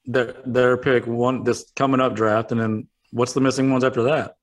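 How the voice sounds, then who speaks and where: A man's voice: medium pitch, little pitch movement, normal speed. A man co-hosting a podcast, joking about sports with plenty of swearing. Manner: joking, profane, laughing. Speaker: podcast co-host. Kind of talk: casual sports chat.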